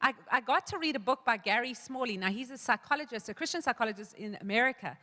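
A woman's voice: a little high, animated, fast, sharp tone, in a large hall. A woman pastor giving a sermon to a congregation, telling a personal story with frequent restarts and quoted asides. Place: church hall.

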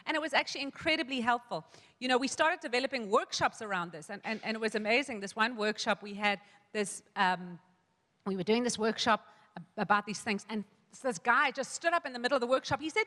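A woman pastor preaching in a church hall, her voice pitched a little high and bright, with a long echo trailing every phrase. She tells a personal story in a loose, chatty way, often restarting her sentences and quoting herself. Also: brisk. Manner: storytelling with many restarts and quoted asides. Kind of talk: sermon.

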